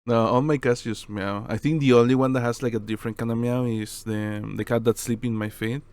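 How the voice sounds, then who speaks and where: A man's voice: mid-range voice, fairly even intonation, fairly quick, a little mellow, clear, resonant tone, no echo. A man co-hosting a podcast in casual chat, laughing often and swearing, with some non-native phrasing. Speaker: podcast co-host.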